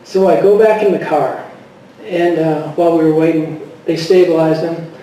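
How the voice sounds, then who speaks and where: A middle-aged man gives a personal testimony in a halting way, full of fillers and self-quotes. His voice sits high yet sounds dark and mellow. He is recorded from far off in a very echoey hall with faint ambient noise. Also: fairly even intonation. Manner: halting, with many fillers and restarts, quoting himself. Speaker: guest speaker.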